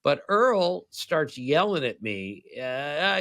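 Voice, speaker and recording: A man in his sixties with a somewhat high, gravelly voice, telling long anecdotes as a podcast co-host. He rambles along with frequent chuckles. The sound is close and dry. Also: sing-song, slow pace, fairly bright tone, no echo. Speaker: co-host, former baseball writer. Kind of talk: casual storytelling chat.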